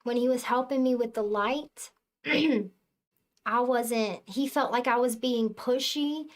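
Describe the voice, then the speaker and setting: A woman giving a casual spiritual talk to her viewers, with a somewhat high voice. She speaks slowly and earnestly, leans on her words for emphasis and swears freely. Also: fairly even intonation. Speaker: spiritual reader.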